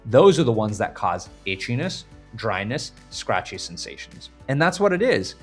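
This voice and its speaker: A man teaching a scream-technique lesson, explaining clearly and stopping now and then to demonstrate screams. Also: medium pitch, very animated, normal speed, soft background music. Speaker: vocal coach. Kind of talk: instructional video lesson.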